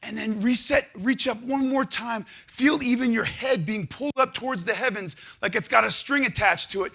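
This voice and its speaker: A man leading a live audience through stretching and partner exercises, coaching energetically and counting out loud. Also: very high-pitched, normal speed, gravelly, few pauses. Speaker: exercise instructor. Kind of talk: live workshop exercise instruction. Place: conference room with audience.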